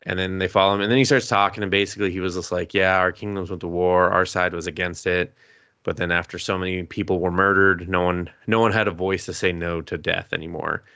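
A man's voice: sits low, little pitch movement, quick pace, bright, forceful tone, no room sound, dull audio. A man co-hosting a podcast, casually recapping an anime episode, acting out the characters' lines, laughing and swearing as he goes. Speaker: podcast co-host.

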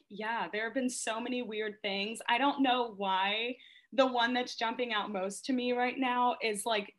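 Appearing as a guest on a podcast, this actress from the stage chats casually and shares stories with plenty of laughter and energy. Her speech is peppered with "like," and her pitch sits fairly high.

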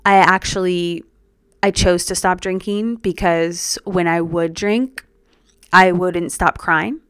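A young woman telling her personal story as a podcast guest, earnest and reflective, in a soft-spoken way. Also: lowish voice, steady tone, takes it slowly, smooth, dry recording, studio quality.

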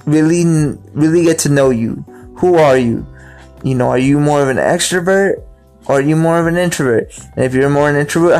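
Faint music plays as a man rambles casually about his own life, repeating words and performing the greetings he quotes. His voice is fairly high and a little mellow.

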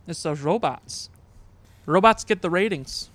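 A man's voice: sits high, animated, unhurried, fairly bright tone, no room sound. A man co-hosting a podcast, joking around in casual chat and laughing often. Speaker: podcast co-host.

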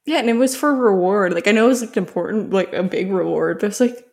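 A woman's voice: mid-range voice, quick pace, darkish tone. A young adult woman co-hosting a casual podcast chat, talking loosely with lots of fillers and frequent laughter. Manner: chatty, filler-heavy, laughs often. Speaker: podcast co-host. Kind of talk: casual chat about a reality show.

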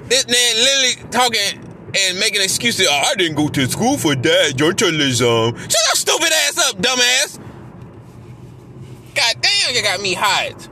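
High, bright-voiced man ranting angrily. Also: a little hiss or hum. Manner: heated, swearing, bursts into shouting. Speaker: podcast host. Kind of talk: angry profane rant.

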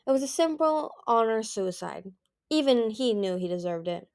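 A huge ancient male dragon, read by a woman, smooth, sure of himself and quick to persuade. He talks breezily, with a slightly raised pitch and a cross edge. This is storybook dragon talk. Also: expressive, a little mellow, no room sound, clean studio sound.

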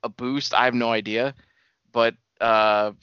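A man's voice: medium pitch, steady tone, unhurried, smooth, no echo. A man co-hosting a podcast, chatting casually, rambling and hesitant and swearing now and then. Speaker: podcast co-host. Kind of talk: casual chat. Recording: dry, dull lo-fi sound.

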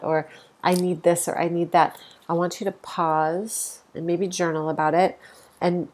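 A woman with a stuffy nose talks through a casual spiritual podcast from home, easygoing and enthusiastic, with soft laughs and fillers as a yoga teacher and host. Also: on the low side.

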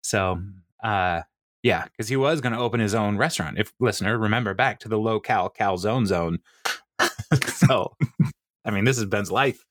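A man's voice: on the low side, normal speed, fairly bright tone, no room sound. A man co-hosting a podcast, recapping a TV episode in casual chat and laughing often as he retells scenes. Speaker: podcast co-host.

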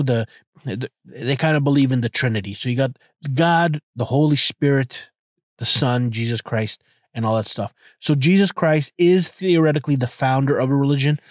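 A man's voice: medium pitch, a little mellow, no echo, studio quality. Rambling joking man podcasting from a car. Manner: rambling, irreverent, joking, many restarts. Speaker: podcast host. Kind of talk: casual solo podcast monologue. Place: inside a car.

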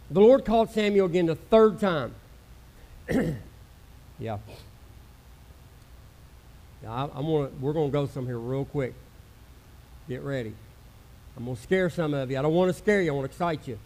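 A male pastor preaching a sermon with passion, swinging from loud outbursts to hushed, intimate murmurs and acting out the voices of doubters. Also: fairly high pitch, expressive, normal speed, pauses often. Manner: acts out quoted voices of doubters.

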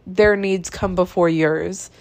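A young woman hosting a podcast, telling a story in a casual, chatty monologue with swearing, sighs and laughs, exasperated and animated. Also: fairly low pitch, slow pace, no room sound. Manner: animated, exasperated, drops to mutters. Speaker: podcast host.

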